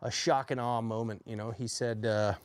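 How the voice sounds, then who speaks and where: A man's voice: medium pitch, moderate pace, smooth, no room sound. Plainspoken man in his forties. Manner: plainspoken, animated when quoting others. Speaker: army veteran telling his story. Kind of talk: casual storytelling.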